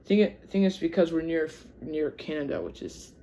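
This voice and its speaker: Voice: medium pitch, sing-song, moderate pace, dark tone, slight background noise. A speaker from Michigan with a Michigan accent, reading history aloud and breaking off into chatty asides, often stumbling over words. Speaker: channel host.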